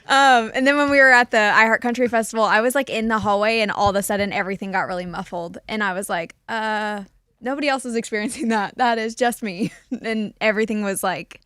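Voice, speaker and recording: A woman's voice: mid-range voice, brisk, fairly bright tone, smooth, no room sound, clean studio sound. A woman co-hosting a radio morning show, chatty and giggly with many fillers. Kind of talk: casual morning show banter.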